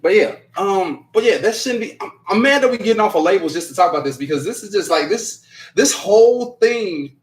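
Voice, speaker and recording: A man with a fairly high voice hosts a casual live stream and reacts to viewer comments as they come in. He rambles loosely, circles back over the same phrases and breaks into laughter often. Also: expressive, moderate pace, poor audio. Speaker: host of a live stream show.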